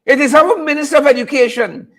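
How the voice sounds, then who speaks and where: A man's voice: extremely high pitch, quick pace, fairly bright tone. A man hosting a live political commentary show, calling out viewers by name and repeating catchphrases. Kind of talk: casual live-stream commentary.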